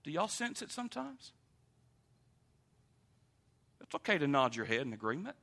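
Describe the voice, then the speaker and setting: A man preaching a sermon, emphatic and animated, speaking straight to the congregation. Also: a little high, moderate pace, gravelly. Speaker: pastor.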